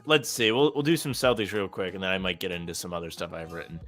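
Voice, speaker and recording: A young man co-hosting a live sports talk show, talking in a calm, measured way with dry teasing. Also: deep voice, soft background music. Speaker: podcast co-host.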